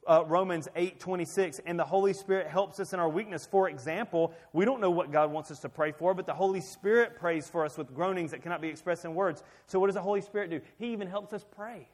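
A man's voice: sits high, fast talker, few pauses. A man in his thirties preaching a conversational sermon, asking his listeners questions along the way. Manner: conversational, animated, asks the audience questions. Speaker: pastor.

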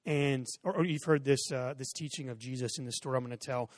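A man's voice: mid-range voice, fast talker, no room sound, clean studio sound, in a large hall. A man in his forties, a pastor giving a sermon, telling stories conversationally and acting out exchanges in a raised voice. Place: church sanctuary with a stage and audience seating.

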